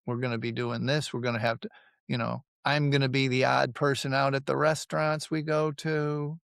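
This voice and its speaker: A man acting as a recovery counselor, talking through ideas in a measured, reassuring way. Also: medium pitch, level tone, creaky, fairly bright tone, clear, resonant tone, dry recording, clean studio sound. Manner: measured, reassuring, thinking aloud. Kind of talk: conversational coaching.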